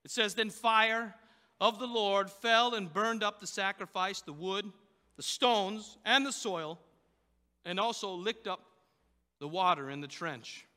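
A man's voice: high voice, unhurried, sharp tone, long reverb tail. A man preaching a sermon, telling a story in a loose, conversational way with fillers and restarts. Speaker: pastor.

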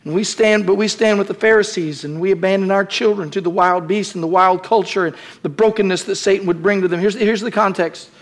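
A man preaching a sermon as pastor, calling out to the congregation and building to shouted climaxes in a church. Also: sits high, steady tone, brisk, few pauses. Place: church sanctuary.

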